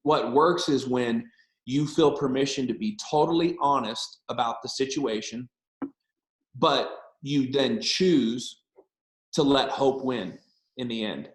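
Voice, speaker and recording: A man's voice: mid-range voice, takes it slowly, reverberant, rough recording. A middle-aged man speaking as a guest pastor to students, earnest and frank, repeating points for emphasis. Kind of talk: casual encouraging talk and prayer.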